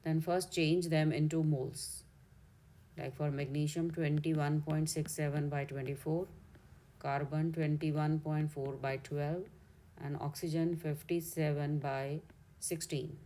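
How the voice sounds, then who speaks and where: A woman's voice: sits low, level tone, unhurried, mellow. A woman with an Indian English accent, a chemistry teacher working step by step through exam answers and correcting herself as she goes. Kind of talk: exam solution walkthrough.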